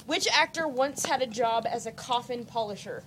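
A woman's voice: a little high, normal speed, a crowd in the background. A woman acting as quizmaster, reading out trivia questions in casual chat and apologizing readily. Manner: reads questions, apologetic, giggly.

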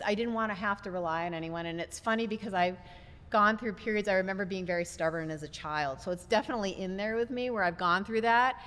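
Woman podcast guest, animated storyteller, voice in a reverberant space. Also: mid-range voice. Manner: animated, acts out quotes. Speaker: podcast guest, business founder. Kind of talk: storytelling in a casual interview.

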